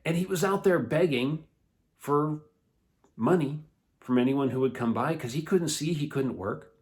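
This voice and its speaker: A man leading children's church, telling a Bible story in a playful, animated way. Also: a little high, a little slow. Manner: animated, playful, laughs often.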